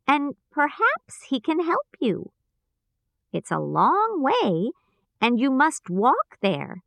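A woman voicing a kind little old female good witch, speaking gently and reassuringly. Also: high-pitched, no echo, voice pushed up, full character voice.

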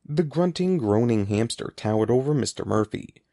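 A man reading a children's story aloud with a lively, rising and falling delivery. His voice carries a gravelly texture, and the recording is close and dry with no room sound. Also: mid-range voice, normal speed, no echo. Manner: expressive, animated reading. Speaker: narrator. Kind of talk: audiobook reading.

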